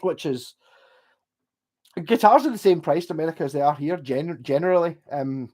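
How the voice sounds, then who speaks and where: A man's voice: a little high, expressive, normal speed, a little mellow. Rambling, sweary man. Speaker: livestream host. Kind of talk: casual livestream chat.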